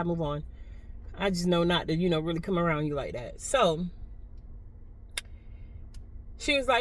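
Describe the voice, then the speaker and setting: A middle-aged woman tells a story in an easy, nonchalant vlog voice. She rambles, sometimes dropping into a hushed aside and then raising her voice again. It is recorded on a phone while she rides a bus. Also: medium pitch, poor audio. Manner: nonchalant, chatty, drifts between hushed asides and louder telling. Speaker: vlogger. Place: riding a bus.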